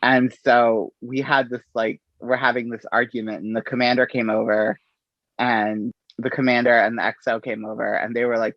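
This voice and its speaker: A middle-aged man, an interview guest, telling his story in an unhurried, halting way and acting out the exchanges he quotes. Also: mid-range voice, level tone, no room sound. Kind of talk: conversational storytelling. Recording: dull, slightly lo-fi audio.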